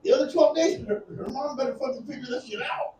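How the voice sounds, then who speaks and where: A man in his thirties with a very high voice does a crude, rambling stand-up set. He is out of breath and laughs at his own jokes. He sounds roomy and distant in a club, with a faint hum of ambience behind him. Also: quick pace. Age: 30s. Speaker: stand-up comic. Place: comedy club stage.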